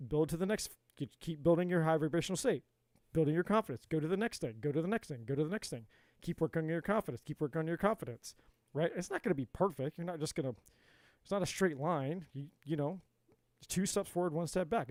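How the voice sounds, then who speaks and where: A man's voice: fairly high pitch, dark tone, no echo. Emphatic male tarot reader, dry close mic. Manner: emphatic, repetitive motivational talk. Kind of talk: live-stream tarot reading.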